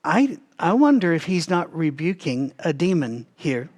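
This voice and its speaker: A man leading a Bible study, talking straight to his listeners in a conversational, animated way with frequent restarts. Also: a little high, measured pace.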